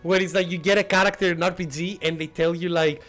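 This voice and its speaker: A man, not a native English speaker, chatting excitedly and laughing through live gameplay commentary. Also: high-pitched, fast. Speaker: streamer.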